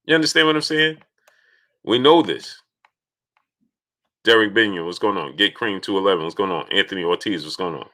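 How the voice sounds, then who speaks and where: A man with a low voice hosts a casual live stream, greeting viewers by name in a steady stream. His tone is bright and forceful. When he makes a point, he turns loud and insistent. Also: fairly quick, pauses often. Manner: reads out viewer names and greets each one.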